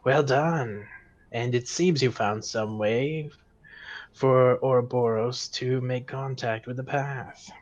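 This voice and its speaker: A man's voice: medium pitch, fairly even intonation, natural voice. A man doing a whispery spider guardian. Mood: courteous. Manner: slow, courteous, faintly menacing. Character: hulking spider-like male drider guardian. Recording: dull lo-fi stream audio.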